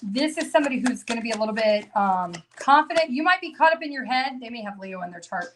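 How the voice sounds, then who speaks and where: A woman's voice: on the high side, animated, fast talker, low-quality recording. Giggly woman reading tarot live. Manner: casual, laughs a lot, talks to herself. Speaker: tarot reader.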